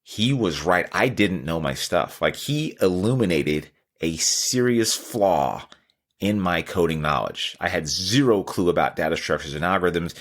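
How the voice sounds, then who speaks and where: A man's voice: sits low, expressive, unhurried. A man, telling a candid, self-deprecating story in a casual podcast chat. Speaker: podcast host.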